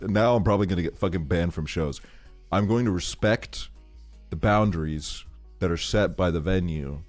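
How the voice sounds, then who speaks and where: A man's voice: low voice, dry recording. A man in his twenties telling a rambling story on a live stream, laughing often and swearing a lot. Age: 20s. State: tired. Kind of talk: casual stream chat, storytelling.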